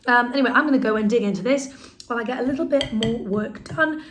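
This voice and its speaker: A woman's voice: on the high side, fast, slight background noise. A woman, chatting enthusiastically in a casual food vlog from her home kitchen, sometimes talking while she eats. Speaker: vlogger.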